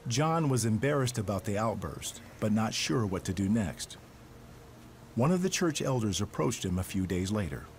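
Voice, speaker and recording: A man reading the scripted narration of a documentary in a measured storytelling voice. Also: lowish voice, sing-song, a little mellow, slight background noise.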